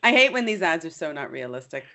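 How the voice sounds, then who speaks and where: A woman's voice: low voice, very animated, quick pace, sharp tone. Playful teasing woman author. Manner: playful, teasing, laughs often. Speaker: guest author. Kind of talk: casual conversation.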